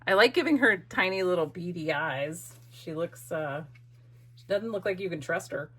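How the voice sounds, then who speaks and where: A middle-aged craft host speaks at a normal speed in a lowish, expressive voice with a fairly bright tone and a breathy edge. As she works, her narration stays casual, chatty, and playful, with plenty of self-mockery.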